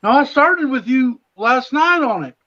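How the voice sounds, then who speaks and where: A man's voice: extremely high pitch, expressive, unhurried, sharp tone, no echo. A man co-hosting a casual livestream, reassuring his friend and laughing often. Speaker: co-host. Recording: dull lo-fi sound.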